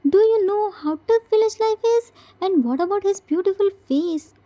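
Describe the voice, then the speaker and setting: Woman reading as vain dramatic guy, fussy, complaining, mellow high voice. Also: normal speed. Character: vain, dramatic grown man, excitable.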